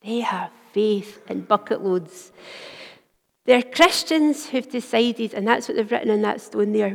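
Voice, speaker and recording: A woman's voice: mid-range voice, normal speed, creaky. Woman preaching in a reverberant church. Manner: earnest storytelling, softening to a hush for quoted words. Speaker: minister. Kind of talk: sermon.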